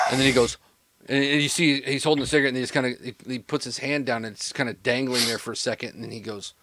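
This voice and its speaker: A man's voice: mid-range voice, fairly even intonation, fast talker, bright, forceful tone. A man narrating as game master in a tabletop game, in a loose, rambling way with many fillers.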